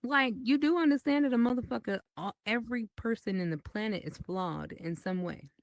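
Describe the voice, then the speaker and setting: A woman in her thirties, a podcast guest in casual chat, telling stories in an animated, profane way. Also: a little high, a little fast.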